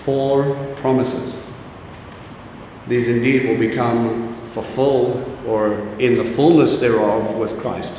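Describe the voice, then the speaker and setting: A man's voice: medium pitch, steady tone, slow, warm tone, slight background noise. A man preaching an informal sermon to a congregation, chatty and joking, often putting questions directly to the audience. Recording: echoey hall, distant mic, faint ambience.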